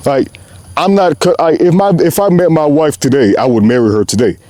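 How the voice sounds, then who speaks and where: A young man speaks from the heart in a loose, slang-filled ramble, calling his listeners "bro" as he goes. His voice is mellow and relaxed, and the sound is close and dry with no room echo. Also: fairly high pitch, brisk. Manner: passionate, rambling, slangy, often says "bro". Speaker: podcast host. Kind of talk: unscripted heartfelt monologue.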